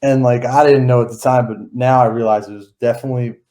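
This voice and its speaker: A man's voice: medium pitch, fairly even intonation, quick pace, mellow. A man in his thirties, an interview guest, telling stories in a rambling casual way with many fillers and restarts.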